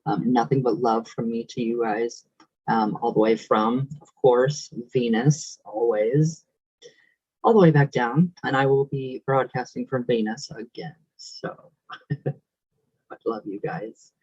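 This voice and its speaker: A man's voice: mid-range voice, fairly even intonation, measured pace, darkish tone, husky, no echo, highs cut off. A young man hosting his channel, reading out viewer comments in a casual, affectionate, emotional way with frequent laughs.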